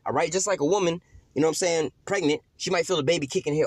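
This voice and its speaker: A man preaching a casual street-style sermon, slangy and profane, with frequent drawn-out "uh" fillers between phrases. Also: a little high, slightly rough, dry recording. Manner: slangy, profane, repeats "you know what I'm saying"; fills pauses with drawn-out "uh".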